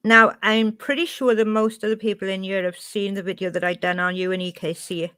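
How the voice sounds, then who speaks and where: A woman's voice: medium pitch, fairly even intonation, a little fast, a bit bright, clean tone. Chatty Welsh woman streaming live. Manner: chatty, reads and answers chat. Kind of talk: casual live-stream chat.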